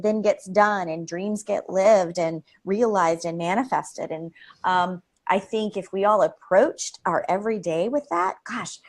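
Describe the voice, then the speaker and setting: Woman in a live interview, high energy, rambling, lots of ums. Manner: energetic, rambling, laughs often. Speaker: creativity expert guest.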